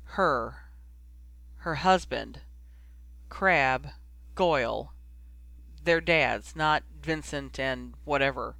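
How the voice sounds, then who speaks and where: Male reader as a bitter young wizard, low and muttering, crisp dry sound. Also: drawn-out words, pauses often, bright, forceful tone, no room sound, exaggerated voice. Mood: guarded.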